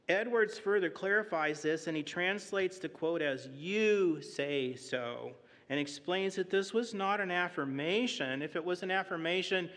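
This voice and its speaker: Brief: male Bible teacher, higher voice, measured explanatory delivery, long church reverb. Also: fairly bright tone. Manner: measured, explanatory, with rhetorical questions. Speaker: preacher teaching a Bible class. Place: church auditorium.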